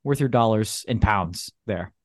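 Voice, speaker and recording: A man's voice: on the low side, measured pace, darkish tone, dry recording, clean studio sound. A man co-hosting a casual podcast, telling stories in an easygoing way and laughing often. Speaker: podcast co-host.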